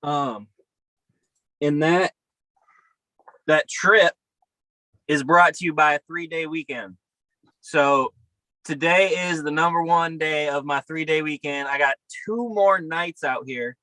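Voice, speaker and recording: Bright-voiced man on a video call. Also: a little high, takes it slowly, long pauses, no room sound, low-quality recording. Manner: profane and upbeat, rambling. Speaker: podcast co-host. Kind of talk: casual chat. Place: camper by a river outdoors.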